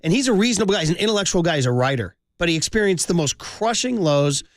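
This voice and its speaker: A man's voice: high-pitched, very animated, fast, dry recording, studio quality. A man in his forties hosting sports talk radio, telling heartfelt fan stories with passion and saying "dude" a lot.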